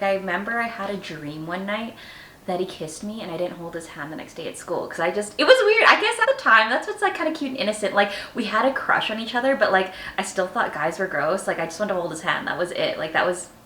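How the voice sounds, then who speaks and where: A young woman vlogger swinging from quiet reflection to high, laughing shrieks as she mocks her teenage self. Her tone is bright and animated. She is heard in a roomy space with a faint hiss behind her. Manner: candid, self-mocking, laughs often and shrieks at her own past. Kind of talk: casual storytelling chat.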